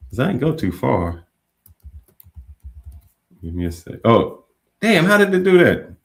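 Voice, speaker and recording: A man's voice: mid-range voice, a little slow, vocal fry. A man co-hosting a casual live talk stream, talking animatedly and cursing as he scrolls through comments. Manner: animated, laughing, profane, scrolling while talking.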